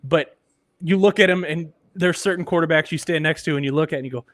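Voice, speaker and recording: A man's voice: fairly high pitch, fast, no room sound, clean studio sound. Upbeat man telling a sports story. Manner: animated anecdotes, acts out quoted voices. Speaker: radio engineer, podcast guest. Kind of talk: casual storytelling.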